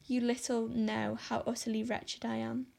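A woman's voice: on the high side, level tone, moderate pace, gravelly, a little mellow. A woman voicing a dramatic, despairing young orphan girl who pleads and exaggerates. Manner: melodramatic, pleading.

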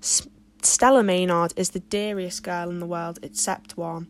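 A woman's voice: lowish voice, fairly even intonation, normal speed, lightly acted. A woman reading the lines of an earnest, ambitious teenage girl who speaks in an impassioned, wordy way. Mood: joyful.

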